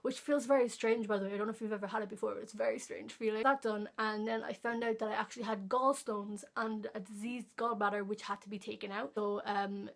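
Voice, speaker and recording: A woman's voice: mid-range voice, steady tone, fast talker, vocal fry, few pauses. A teenage girl, rambling through a casual storytime vlog with many fillers and restarts. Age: teens. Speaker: vlogger.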